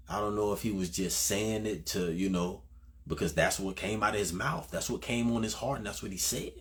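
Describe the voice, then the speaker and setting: A man with a fairly low voice preaches in a loose, slangy testimony style. He circles back on phrases for emphasis and talks to listeners like friends, calling them bro and man. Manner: casual, conversational, repeats phrases for emphasis.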